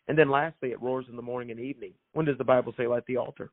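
A man's voice: mid-range voice, steady tone, rapid-fire, dry recording. Emphatic preaching man, tinny sound. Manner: emphatic, preacherly, repeats phrases for effect. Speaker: author and minister. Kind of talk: guest telling a faith story in a preaching tone. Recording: thin phone-like sound, dry.

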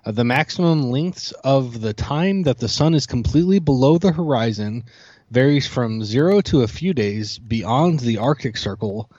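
A married man co-hosting a podcast, chatting casually with a relaxed, hesitant manner. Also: medium pitch, moderate pace, no room sound, highs cut off. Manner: relaxed, hesitant, clears throat often. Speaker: podcast co-host. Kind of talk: casual chat.

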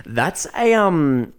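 A young Australian man co-hosting a podcast in casual, laid-back chat, full of swearing, laughter and fillers. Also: on the high side. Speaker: podcast co-host.

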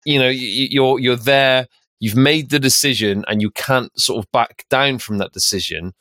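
A man's voice: mid-range voice, normal speed, pushed and bright, dry recording, clean studio sound. A man co-hosting a podcast, talking through an idea in a reflective way and thinking aloud with questions to himself. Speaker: podcast co-host. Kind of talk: casual conversational discussion.

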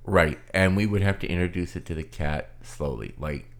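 A man co-hosting a podcast, laid-back, chiming in with short agreements and quick asides. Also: deep voice. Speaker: podcast co-host. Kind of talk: casual chat.

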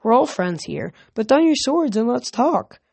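A woman's voice: a little high, big pitch swings, normal speed, creaky, darkish tone, slightly rough, dry recording, pitched above the performer's own voice, full character voice. A woman doing a nervous, coaxing teenage girl.

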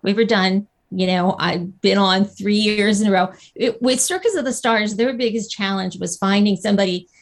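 A woman guest telling a lively anecdote in a casual interview, acting out the people she quotes. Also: mid-range voice, moderate pace, hardly any pauses. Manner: animated storyteller, acts out quotes. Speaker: guest actress.

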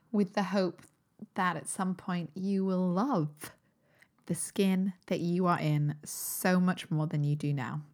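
A British woman, a holistic nutritionist, hosting her own podcast in a chatty, upbeat way, her voice still a little croaky from a recent cold. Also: fairly low pitch, a little mellow. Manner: chatty and upbeat, with frequent fillers and restarts. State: slightly croaky voice recovering from a cold. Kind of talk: casual solo podcast talk.

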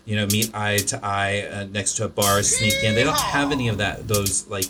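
Over loud music, a man hosting a podcast shares his opinions in a lowish voice with a steady tone and moderate pace. The chat is casual and loosely rambling, constantly restarting and full of fillers.

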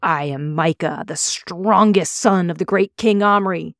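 A cruel young prince proclaims from a dragon's back in a storybook reading, voiced by a woman. He speaks in a commanding, declaiming way, his voice pitched low. The sound is dry and close. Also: unhurried, no echo. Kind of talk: audiobook reading.

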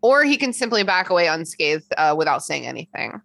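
A woman's voice: fairly low pitch, big pitch swings, fairly quick, vocal fry, fairly bright tone. A woman co-hosting a podcast, chatty and casual, swearing now and then. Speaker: podcast co-host. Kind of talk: casual chat.

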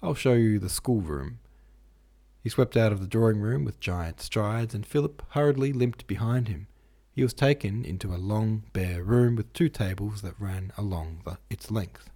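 Husky, dark-voiced male narrator. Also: lowish voice, normal speed, hardly any pauses. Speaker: audiobook narrator, podcast host. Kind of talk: literary audiobook reading.

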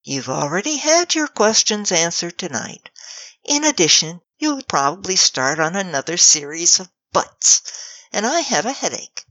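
A woman's voice: fairly low pitch, sing-song, a little slow, a bit bright, dry recording, pitched above the performer's own voice, full character voice. A woman voicing a sarcastic magic mirror spirit that mocks and teases in a dry, theatrical way, in a slightly dull audiobook recording.

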